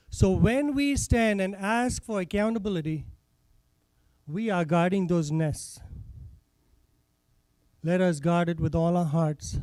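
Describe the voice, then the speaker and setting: A man with a foreign accent speaks out at a town hall meeting in a high, mellow voice, earnest and preaching as he repeats his points. The sound is dry and close, with little room around him. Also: slow, pauses often, clean tone. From not from this state. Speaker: public commenter. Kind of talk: impassioned public comment.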